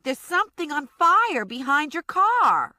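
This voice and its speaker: A woman voicing a brassy office woman who calls out loudly. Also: high-pitched, very animated, unhurried, dry recording, pitched above the performer's own voice, heavily acted. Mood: calling out. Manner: brassy, shouting. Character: loud office woman calling out the door.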